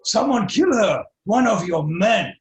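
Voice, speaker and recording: A man voicing a blunt half-orc woman warrior who speaks in slow, clipped broken English. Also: high-pitched, expressive, echoey room, pitched above the performer's own voice. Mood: urgent.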